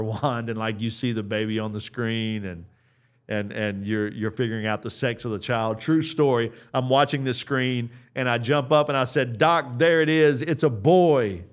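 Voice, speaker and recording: A man's voice: medium pitch, clear, resonant tone. A man in his thirties preaching an earnest, conversational sermon, often restarting his phrases as he builds a point. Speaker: pastor.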